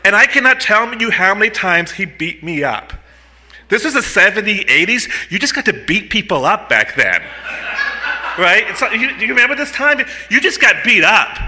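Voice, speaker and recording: A man in his fifties from the United States, telling a true story live on stage into a mic on a stand, with animated, punchy delivery and comic asides. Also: high-pitched, moderate pace. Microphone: mic on a stand in front of him.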